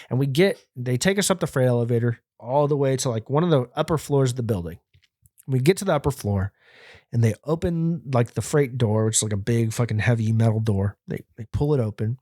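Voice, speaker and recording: A man's voice: mid-range voice, brisk, dark tone, no room sound, studio quality. A man hosting a podcast and telling a story in casual speech. He rambles, swears heavily and laughs often. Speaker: podcast host.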